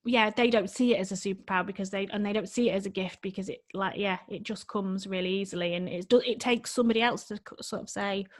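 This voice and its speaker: A woman's voice: mid-range voice, fairly even intonation, fast, hardly any pauses. A married woman who works as a life coach, talking earnestly and emotionally as a podcast guest, often restarting her sentences. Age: adult, married with children. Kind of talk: casual podcast conversation.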